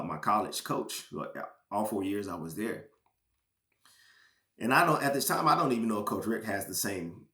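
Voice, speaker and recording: A man from Georgia, a former pro football player, sharing a personal testimony as a podcast guest with earnest, halting emotional storytelling. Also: lowish voice, a bit bright, roomy sound. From Georgia, USA.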